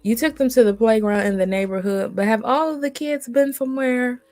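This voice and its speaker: A woman's voice: on the high side, fairly quick, a little mellow. A woman giving sassy, sarcastic reaction commentary, speaking straight at the person she is reacting to. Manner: sassy, sarcastic, addressing the subject directly.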